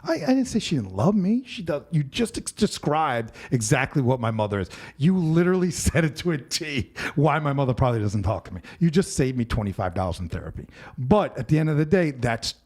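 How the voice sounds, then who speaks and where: A man's voice: mid-range voice, very animated, a little fast, hardly any pauses, a little mellow. A man in his fifties hosting a podcast, rambling through stories and acting out family members. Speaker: podcast host. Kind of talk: casual storytelling chat.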